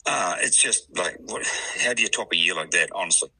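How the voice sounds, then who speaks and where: A man's voice: low-pitched, expressive, a little fast, bright, forceful tone, breathy edge, dry recording, rough recording. A middle-aged man with a New Zealand accent, a club president chatting on a radio interview, hesitant with many fillers. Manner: hesitant, lots of fillers, laughs easily.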